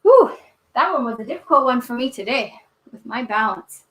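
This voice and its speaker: Woman kids-yoga teacher, cheerful and encouraging, higher bright voice, echoey room, camera mic. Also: expressive, moderate pace, distant mic. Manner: encouraging, cheerful, speaks to children. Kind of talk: storytime reading with yoga instruction.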